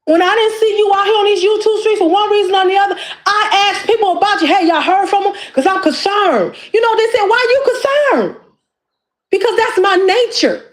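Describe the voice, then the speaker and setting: High-pitched woman, impassioned and preachy. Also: brisk, hardly any pauses. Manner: preachy and emphatic, repeats phrases. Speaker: YouTube creator. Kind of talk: impassioned direct-to-camera monologue.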